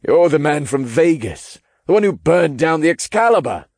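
A man voicing a rattled middle-aged male paranormal expert with a raspy, dry voice, talking in a bewildered, hesitant way. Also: a little high, big pitch swings, normal speed, darkish tone, no room sound, pitched above the performer's own voice.

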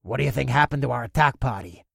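A man voicing a brutish, boastful male orc warrior with a growling, gravelly voice. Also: medium pitch, animated, fast talker, fairly bright tone, no room sound, clean studio sound, heavily acted. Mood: gruff. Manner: boastful and crude.

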